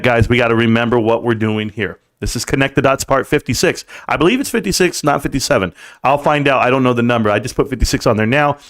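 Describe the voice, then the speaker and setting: A man hosting a casual live stream at a quick clip, hyped up and a little boastful. He talks straight to his chat viewers from his computer, and his pitch sits right in the middle for a man. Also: a bit bright.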